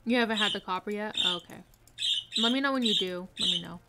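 A fast-talking woman with a medium-pitched voice live-streams a game, casually chatting, reading messages, thinking out loud, and giggling often. The recording has faint noise along with mouse clicks and typing.

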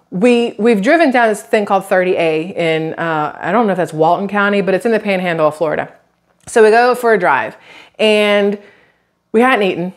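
This is a chatty woman in her thirties with a drawl, talking straight to her viewers in a casual vlog. She rambles through her stories and slips into little quoted voices along the way. Her pitch sits right in the middle for a woman. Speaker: YouTube creator.

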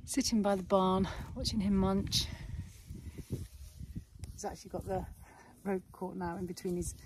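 A woman's voice: mid-range voice, steady tone, unhurried, background noise. A woman talks casually while training a young bull outdoors, coaxing and praising him in a sing-song voice. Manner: affectionate sing-song coaxing and calling to animals. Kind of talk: casual narration while working with animals. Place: outdoors on a farm.

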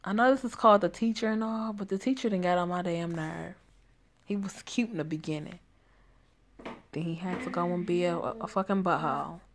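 A woman's voice: fairly low pitch, brisk, a little hiss or hum. A woman giving blunt, sassy commentary while playing a story game, swearing freely. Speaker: game streamer.

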